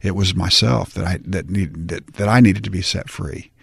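A man in his sixties answers interview questions in a measured, halting way, pausing often. His low voice is husky and gravelly, with a creaky texture. The recording is dry and close. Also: a bit bright, no room sound. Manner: measured, halting, many fillers. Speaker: guest, retired athlete turned politician.

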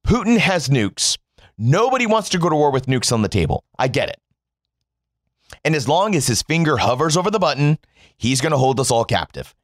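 A man's voice: medium pitch, big pitch swings, a little fast, no echo, studio quality. An American man giving a sarcastic, profane commentary monologue to his viewers, whom he calls "folks.". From United States. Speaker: political commentator.

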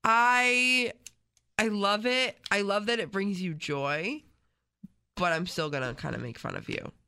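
A man's voice: sits high, unhurried, pushed and bright, clear, resonant tone, no echo, clean studio sound. A man hosting a radio show, teasing his co-host and reading listener texts. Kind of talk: casual morning show banter.

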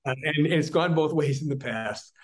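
A man's voice: fairly high pitch, normal speed, poor audio. Older male prosecutor, earnest interviewee, restarts often mid-sentence. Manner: earnest, storytelling with frequent restarts. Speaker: district attorney. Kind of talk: interview talk.

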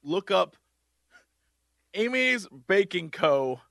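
Animated high-voiced man. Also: takes it slowly, vocal fry, no room sound, studio quality. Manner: animated, acts out quotes in big voices. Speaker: podcast co-host. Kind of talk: casual chat.

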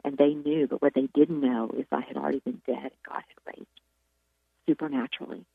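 A woman's voice: a bass voice, flat delivery, a little fast, gravelly, slightly rough, dry recording. A woman telling her near-death testimony in an earnest, intense way, sometimes dropping to a whisper. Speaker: guest sharing a testimony. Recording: tinny phone-like line, dry.

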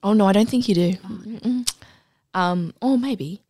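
Reading a listener-submitted story on her podcast, a co-host with a husky, mid-range voice goes a little slowly and stays deadpan, with equally blunt asides. The close, dry recording has no echo.

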